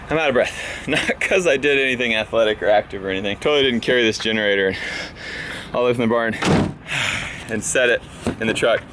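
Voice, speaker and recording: A man vlogging in a casual, joking and self-mocking way while working on his trucks outdoors. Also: medium pitch. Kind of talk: casual vlog talk. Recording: outdoor camera audio with noise.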